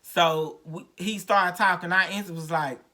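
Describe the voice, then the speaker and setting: A podcast host with a lowish, sharp-toned voice tells her own recovery story frankly and at a moderate, steady pace. She rambles and restarts often, and she isn't using a proper podcast mic.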